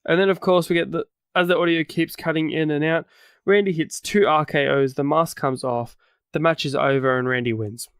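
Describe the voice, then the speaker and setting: Higher-voiced Australian guy, dry sound. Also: fairly even intonation, moderate pace, clean tone, no echo. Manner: rambling, corrects himself mid-sentence. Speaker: podcast co-host. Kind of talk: casual wrestling recap chat.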